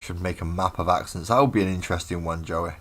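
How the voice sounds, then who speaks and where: A man's voice: sits low, fairly even intonation, fast, fairly bright tone. A man with a mild English accent chatting casually with viewers on a livestream while building miniatures. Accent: English, milder than local broad accents. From England. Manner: chatty, answers viewers by name, mutters while working. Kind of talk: casual live chat while building models.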